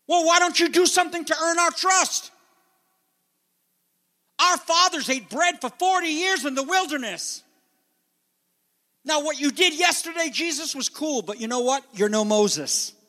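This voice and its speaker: A man's voice: very high-pitched, a little slow, pauses often, pushed and bright, big-room sound, voice pushed up, heavily acted. A man voicing a skeptical crowd that mockingly demands a sign, in a challenging, sarcastic manner.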